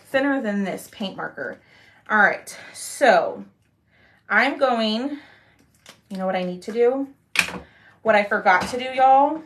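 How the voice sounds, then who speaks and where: A woman's voice: a little high, fairly bright tone, a little hiss or hum. A woman hosting a casual crafting livestream, chatting and greeting viewers by name.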